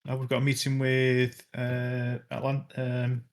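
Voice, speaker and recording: A man's voice: mid-range voice, monotone. Hesitant man playing a tabletop game. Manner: hesitant, halting. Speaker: player. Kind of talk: casual tabletop play.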